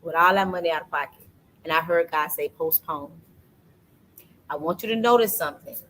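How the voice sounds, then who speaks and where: Animated woman telling a faith story. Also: deep voice, a little fast, a little hiss or hum, rough recording. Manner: animated storytelling, acts out quoted voices. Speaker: podcast host. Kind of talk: casual faith testimony chat.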